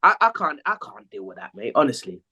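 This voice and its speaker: A man tells a story on a casual football podcast, acting out both sides of an argument. His pitch swings widely from line to line. He swears freely and speaks in a loose, conversational way. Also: brisk, breathy edge, muffled recording. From England. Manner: animated storyteller, acts out quoted exchanges, swears freely. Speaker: podcast co-host, former footballer. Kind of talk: casual chat.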